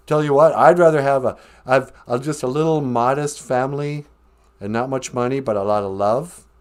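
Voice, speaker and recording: A man's voice: medium pitch, a little mellow. A man hosting a live stream, retelling a story casually, rambling and joking. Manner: rambling, joking, laughs at own jokes.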